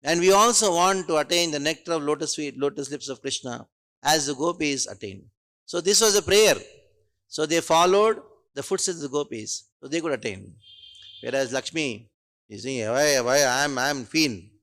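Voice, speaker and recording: A man's voice: a little high, expressive, moderate pace, fairly bright tone. A man with an Indian accent giving a scripture class at a temple, reciting Sanskrit verses and posing rhetorical questions. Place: temple hall.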